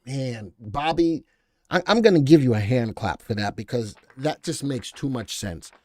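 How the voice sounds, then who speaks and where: A man's voice: mid-range voice, expressive, moderate pace, a little mellow, no echo, clean studio sound. A middle-aged man hosting a live stock market stream. He reads headlines aloud, answers viewers in chat, and pushes his voice up hard when he makes a point.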